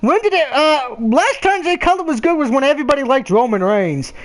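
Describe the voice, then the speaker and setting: A man with a very high voice hosts a casual football talk show. He rants bluntly and swears freely, pushing his picks with animated conviction. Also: fairly quick. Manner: blunt, profane, animated ranting. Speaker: sports picks podcast host. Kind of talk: casual sports chat.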